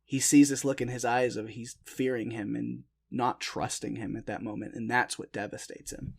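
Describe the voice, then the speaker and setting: A young man co-hosting a podcast, talking through a film in a relaxed, rambling way with plenty of fillers. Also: medium pitch, normal speed, creaky, breathy edge. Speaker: podcast co-host. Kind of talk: casual film discussion.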